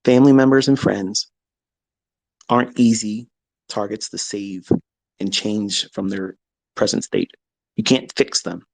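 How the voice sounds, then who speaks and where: A man, a trading educator, telling a candid personal story in a blunt, profane, animated way. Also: on the low side, a little slow, creaky, pauses often, dry recording, low-quality recording.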